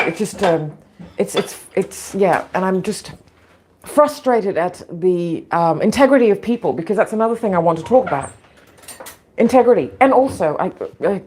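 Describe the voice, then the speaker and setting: Woman, podcast host, casual monologue, opinionated, rambling, throaty cough now and then, lowish voice. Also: a little mellow. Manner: frank, opinionated, digressive, laughs often. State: throat irritation, occasional coughing.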